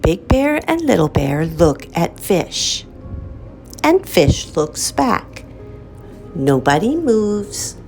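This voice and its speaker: A woman reading a picture book aloud to children, in a slow, lilting and expressive storyteller's manner. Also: lowish voice, faint music behind.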